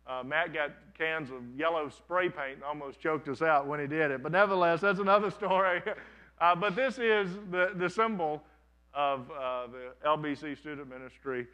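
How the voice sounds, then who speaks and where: A man in his thirties, a pastor, delivers a conversational sermon to a congregation in a church sanctuary, telling stories and often restarting his sentences. His voice is fairly high and bright with a forceful tone, moving at a normal pace. The audio sounds dull.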